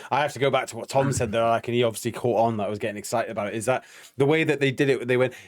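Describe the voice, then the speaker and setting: A man with a slightly low, ordinary voice co-hosts a relaxed music reaction video. He rambles with excitement and breaks into scatted "da, da, da" rhythms to show what he means. He is a husband and father riffing off his co-host. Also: very fast. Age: adult, a husband and father. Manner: excited, rambling, hums and scats rhythms to make his point. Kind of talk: casual reaction chat.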